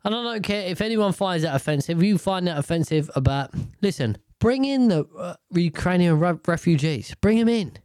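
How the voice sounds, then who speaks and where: A man's voice: high voice, expressive, normal speed, hardly any pauses, darkish tone, clear, resonant tone, dry recording, clean studio sound. A man hosting a podcast, giving blunt, outspoken casual commentary and swearing freely. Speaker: podcast host.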